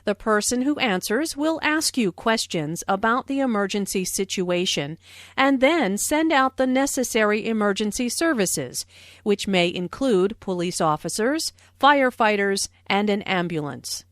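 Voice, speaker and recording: A woman explaining English phrases in a scripted lesson, with slow, careful and clearly stressed speech. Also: mid-range voice, expressive, dry recording, clean studio sound. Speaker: English teacher. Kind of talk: scripted lesson narration and dialogue.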